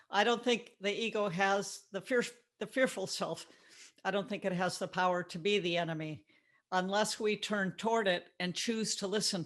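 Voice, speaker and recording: A woman author being interviewed in a casual conversation. Her voice is mid-pitched, and she answers in a warm, thoughtful way with easy laughter. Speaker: author guest. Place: Florida.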